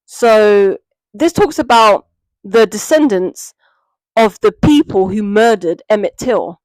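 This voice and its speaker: A woman's voice: mid-range voice, takes it slowly, darkish tone, no echo, rough recording. A British woman chatting casually through a book review, with plenty of fillers and asides. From Britain.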